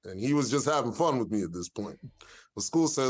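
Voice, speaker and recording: A man speaking as an interview guest, telling a story in a steady middle-pitched voice. He is measured at first and livens up as the story goes on. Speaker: rapper guest.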